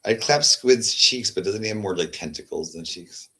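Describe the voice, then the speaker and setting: Streamer, male, deep voice, halting rambling chat that trails off into murmurs. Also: expressive, a bit bright. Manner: halting, repeats words, trails off. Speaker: livestreamer. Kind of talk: rambling casual livestream chat.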